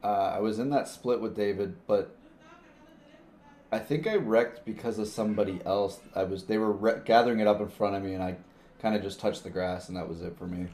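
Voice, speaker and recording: A man's voice: fairly low pitch, fairly quick, darkish tone. A man co-hosting a casual podcast, laughing and stumbling through his restarts. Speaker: podcast co-host. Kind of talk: casual chat. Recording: roomy with faint noise.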